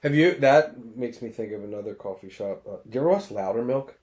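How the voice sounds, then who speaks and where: A man's voice: medium pitch, fairly quick, darkish tone. A man co-hosting a podcast, laid-back in casual chat, often retelling funny scenes. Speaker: podcast co-host.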